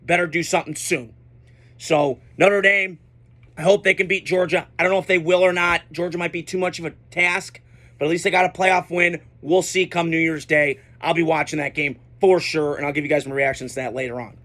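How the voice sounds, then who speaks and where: A man's voice: a little high, steady tone, fairly quick, fairly bright tone. A young man giving an unfiltered, profane casual sports reaction, speaking bluntly as a commentator.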